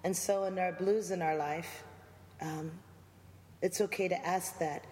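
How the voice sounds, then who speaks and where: A woman's voice: on the low side, fairly even intonation, unhurried, a little mellow, slight background noise. A woman guest in a conversational interview, talking reflectively and preacher-like about faith and music. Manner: reflective, preacherly, quotes scripture. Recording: echoey room with long reverb and faint ambience.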